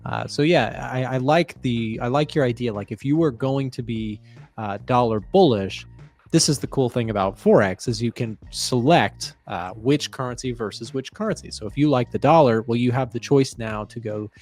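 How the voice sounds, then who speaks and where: A man's voice: medium pitch, moderate pace, a little mellow. A man hosting live market commentary, explaining economic data and questioning a guest. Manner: conversational, explains and asks questions. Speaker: trading show host.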